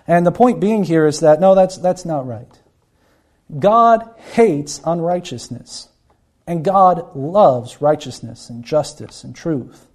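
A man's voice: on the high side, darkish tone. A man preaching a Bible-teaching sermon, earnest and often repeating words as he acts out the people he quotes.

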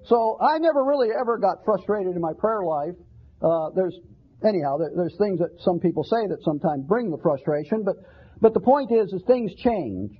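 Heard through a dull, lo-fi sermon recording, a male pastor with a high, slightly rough voice preaches earnestly in a conversational way. He repeats words frequently and leans on rhetorical questions.

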